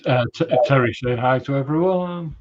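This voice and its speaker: A man's voice: medium pitch, moderate pace, a little hiss or hum. A man co-hosting a livestream, teasing his friend and reading out viewers' chat messages. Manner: reads chat messages aloud, teasing, laughs easily. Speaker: co-host reading out live chat. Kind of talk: casual chat. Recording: dull lo-fi stream audio.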